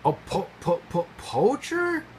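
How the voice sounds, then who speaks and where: A man's voice: on the high side, moderate pace, a bit bright, faint music behind, voice pushed up, lightly acted. A man voicing a frightened, stammering male impala in a storybook reading. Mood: panicked. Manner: stammering, panicky.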